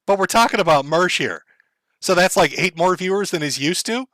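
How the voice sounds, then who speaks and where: Bright-voiced sarcastic man streaming. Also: high voice, lively intonation, brisk, no room sound. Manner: sarcastic, profane, laughing often. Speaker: streamer reacting to a clip. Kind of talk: casual mocking commentary.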